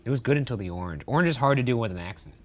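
Man, podcast co-host, dry joking manner, animated pitch, faint ambient noise. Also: rapid-fire. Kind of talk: casual chat.

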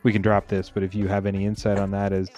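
A man hosting a casual album discussion, talking in animated bursts and interrupting himself often. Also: on the low side, fast talker, faint music behind. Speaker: podcast host.

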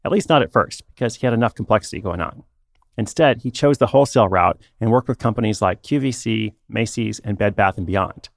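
A man's voice: fairly low pitch, fairly quick, gravelly, dry recording. A man narrating a business story as podcast host, with dry joking asides. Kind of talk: scripted narration.

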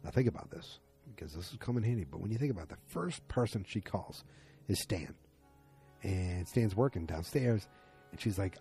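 A man casually retelling a TV episode, acting out the characters' lines in quick shifting voices with lots of fillers. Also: sits low, dark tone, soft background music. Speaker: show recapper.

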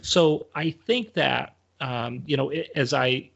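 Gravelly man speaking haltingly. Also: mid-range voice, fairly bright tone. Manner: halting, many fillers. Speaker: guest, author and podcast host. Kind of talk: conversational interview. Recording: dull lo-fi recording.

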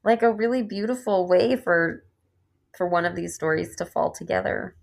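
Gravelly-voiced woman podcast host. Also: lowish voice, moderate pace. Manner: warm, emotional reactions. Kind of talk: casual interview.

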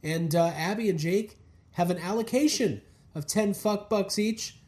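A man hosting a podcast in casual, animated banter, joking and swearing freely. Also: high-pitched, measured pace. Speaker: podcast host.

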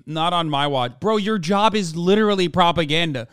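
Man, profane political ranting, mocking tone, high voice, dry sound. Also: moderate pace, few pauses, a bit bright, clear, resonant tone, no room sound. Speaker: streamer host. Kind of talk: casual political commentary.

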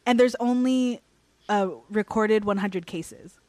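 A woman's voice: medium pitch, takes it slowly, warm tone, no echo. Young female co-host, casual rambling storyteller, dry mic. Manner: rambling storyteller, lots of likes and restarts. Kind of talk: casual chat.

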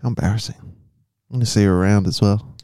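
A man's voice: lowish voice, steady tone, fairly quick, mellow, no room sound, studio quality. A man co-hosting a casual podcast chat, blunt and swearing freely. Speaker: podcast co-host.

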